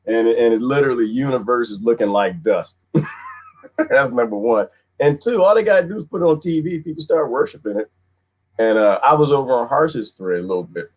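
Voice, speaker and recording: A man rambles through a casual livestream in folksy slang, circling back to repeat his points. His mid-range voice leaps up and down constantly, giving every line a lively bounce. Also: a little fast. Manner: rambling and animated, swooping pitch, frequent laughs. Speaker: livestreamer reading chat comments.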